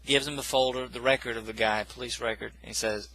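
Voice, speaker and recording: A man's voice: mid-range voice, fairly even intonation, fast, pushed and bright, poor audio. A man casually recapping a film plot in a rambling, self-correcting way, with dismissive asides. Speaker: movie reviewer.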